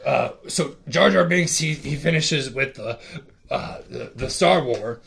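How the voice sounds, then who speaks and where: Man doing conspiracy talk-show blowhard, gravelly, rambling, earnest, worked up, improv impression. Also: medium pitch, unhurried, a bit bright. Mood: choked up. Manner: rambling, earnest, prone to emotional outbursts.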